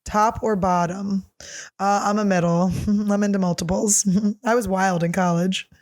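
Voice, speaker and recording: A woman's voice: medium pitch, fairly even intonation, a little slow, darkish tone, dry recording, studio quality. A woman comedian in her thirties, answering listener questions in a casual solo chat, blunt, crude and self-mocking.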